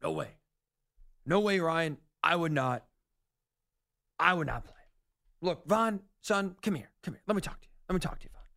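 A man's voice: on the high side, very animated, moderate pace, creaky, pauses often, sharp tone, full character voice. A man voicing a blunt, no-nonsense football coach who lectures a player in a paternal, dismissive way. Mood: stern lecturing. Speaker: commentator persona.

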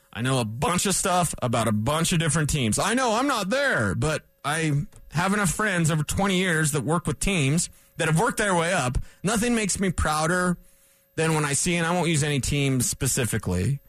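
A man in his forties hosting a sports radio show, rambling and animated, correcting himself as he goes. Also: fairly high pitch, fairly quick, dry recording. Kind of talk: casual sports talk radio monologue. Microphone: studio microphone.

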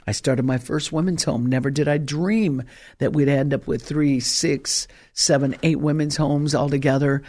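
Older lady preacher, emphatic sermon, lots of rhetorical questions, gets loud. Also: sits low, steady tone, normal speed. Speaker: evangelist preacher.

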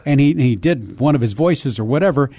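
An older man, a voice actor, telling stories in an interview with lively energy. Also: medium pitch, fast talker, no room sound. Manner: animated, slips into character voices. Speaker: voice actor guest. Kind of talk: storytelling interview.

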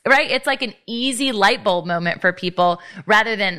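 Bright smooth-voiced woman hosting a faith podcast, gushing and affirming, long run-on sentences. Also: medium pitch, moderate pace, few pauses. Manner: effusive, affirming, run-on phrasing. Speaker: podcast host.

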